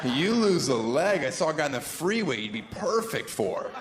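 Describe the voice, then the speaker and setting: A man's voice: a little high, big pitch swings, moderate pace, heavy background noise. A man doing stand-up comedy live on stage into a handheld mic, with a sarcastic, punchy and playful delivery. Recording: roomy live room with loud audience.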